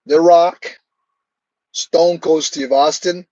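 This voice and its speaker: A man's voice: fairly high pitch, fairly even intonation, slow, warm tone, dry recording, muffled recording. A man hosting a live stream, chatting casually and answering viewers' comments by name.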